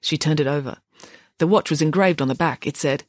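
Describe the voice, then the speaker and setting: A woman reading a children's novel aloud with lively expression. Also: brisk, no echo, soft background music. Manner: lively, voices dialogue with big pitch swings. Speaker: audiobook reader.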